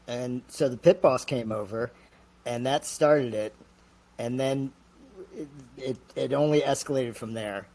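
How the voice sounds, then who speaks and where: A man appearing as a guest, telling stories in a casual, halting way with many restarts. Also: medium pitch, darkish tone. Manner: halting, full of fillers and restarts. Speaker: guest actor. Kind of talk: casual storytelling.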